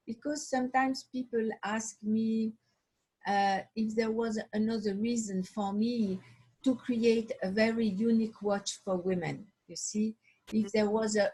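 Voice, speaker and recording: A woman from Switzerland, a watch designer, telling her story in an interview over a video call, halting and often restarting as she searches for words. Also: mid-range voice, fairly even intonation, darkish tone, breathy edge, rough recording.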